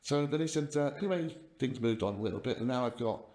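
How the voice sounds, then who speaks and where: A man's voice: medium pitch, animated, quick pace, a little mellow. An older man telling rambling business anecdotes in a casual interview, with lots of restarts. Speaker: podcast guest, software company founder. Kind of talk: casual conversational storytelling.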